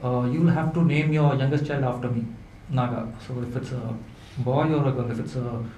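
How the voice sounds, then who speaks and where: A man voicing a furious male king cobra, speaking in a halting, threatening way. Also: medium pitch, steady tone, mellow, echoey room, muffled recording, a little hiss or hum, lightly acted. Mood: angry.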